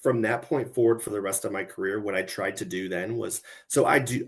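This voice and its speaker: A middle-aged man with a lowish voice talks through his thoughts on a podcast. He sounds earnest and reflective, and often drops in "like" and "right?" as he goes. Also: a little fast, few pauses. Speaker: guest, retired military officer. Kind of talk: podcast conversation.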